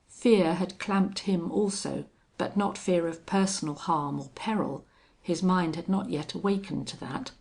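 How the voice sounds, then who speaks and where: A woman narrating a western audiobook in a steady, measured reading. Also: fairly low pitch, vocal fry.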